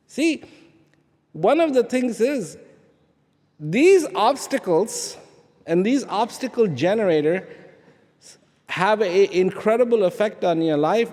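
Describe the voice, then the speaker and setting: Male speaker, unhurried spiritual talk, rhetorical and emphatic, big hall reverb. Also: high voice. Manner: rhetorical questions, emphatic repetition, dramatic shifts between loud and hushed. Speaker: speaker addressing an audience.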